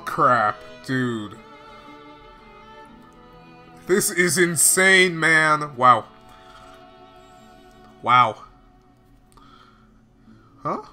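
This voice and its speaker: Excitable high-voiced man reacting. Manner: excitable, bursting into exclamations and laughs; slangy, casual filler talk. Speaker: reaction video host. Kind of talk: live reaction commentary.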